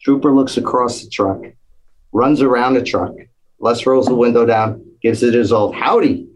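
A man's voice: medium pitch, moderate pace, low-quality recording. A man telling a long story in casual chat, acting out the voices of the people in it. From New Jersey. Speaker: guest storyteller.

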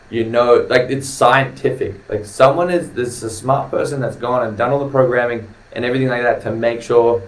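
Joking, crude young Australian man. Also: medium pitch. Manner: loose, joking and crude, with many fillers. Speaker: podcast guest. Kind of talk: casual chat. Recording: roomy, distant mic with faint noise.

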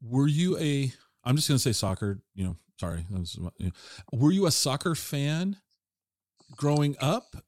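A man's voice: medium pitch, very animated, moderate pace, darkish tone, dry recording, clean studio sound. A man interviewing a guest, curious and joking, restarting his questions as he goes.

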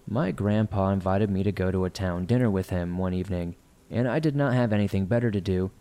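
A man reading listener-submitted horror stories aloud in a measured, somber narration. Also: fairly low pitch, dark tone.

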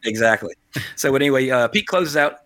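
A podcast co-host with a mid-range, fairly bright voice talks a little fast and animatedly about movies. His casual chat rambles, full of restarts and fillers, and the recording is dry with clean studio sound.

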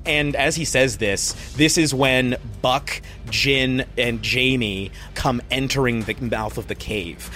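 A man's voice: mid-range voice, slow, hardly any pauses, bright, forceful tone, faint music behind. A man narrating a tabletop game as game master, describing scenes casually with fillers.

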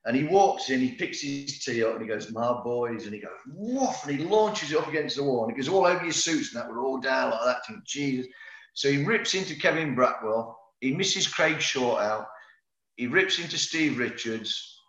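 A man's voice: medium pitch, lively intonation, normal speed, a bit bright. A middle-aged man, a former footballer telling rambling anecdotes in a casual interview, full of fillers and restarts. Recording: roomy, slightly dull sound.

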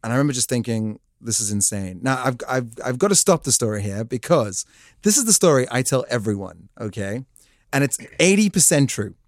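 A man, a podcast guest who tells jokey stories and slips into the voices of people in them. His voice sits at a middle pitch and sounds dry and close on a studio mic, with no room echo. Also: animated, brisk. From South Africa. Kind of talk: comic storytelling in casual chat.

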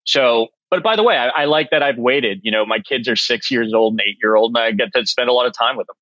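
A man's voice: mid-range voice, fast talker, a bit bright, no room sound, lo-fi sound. A man in his forties from Massachusetts, a chef guesting on a podcast, talking in a dry, self-mocking way. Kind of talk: casual interview chat.

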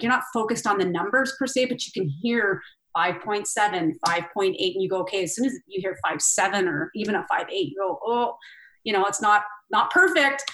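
A woman's voice: mid-range voice, low-quality recording. A middle-aged woman, an interview guest, recounting a past competition candidly, acting out what people said, with many fillers. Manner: candid, animated, lots of fillers and acted-out quotes. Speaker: interview guest, former Olympic pairs skater. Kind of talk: emotional personal storytelling.

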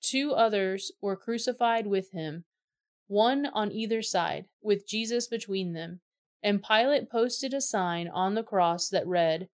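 A woman reading a scripture passage aloud, in plain, steady narration. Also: mid-range voice, a little slow. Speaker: scripture reader.

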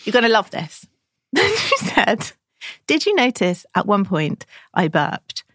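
A woman's voice: mid-range voice, a little slow, no echo, clean studio sound. A woman who works as a doula, chatting casually on a podcast and telling a story, acting out what others said to her. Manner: animated storyteller quoting others.

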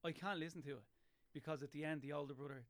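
A young Irish man in casual chat, telling emotional stories with lively energy and frequent laughter. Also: on the high side, quick pace.

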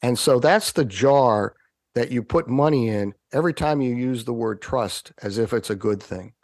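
A man from the United States, a podcast guest, telling animated, wry anecdotes in an interview. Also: medium pitch, moderate pace, no room sound, clean studio sound.

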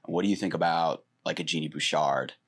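A man with a very deep, gravelly voice co-hosts a casual podcast. He talks in an easygoing way, leans on filler words and keeps tossing questions to his partner. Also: fast, a bit bright. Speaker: podcast co-host.

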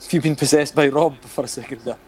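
A man co-hosting a football podcast who chips in with quick teasing remarks. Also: a little high, fairly even intonation, darkish tone, husky. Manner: quick banter, teasing interjections. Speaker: podcast co-host. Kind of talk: casual football chat.

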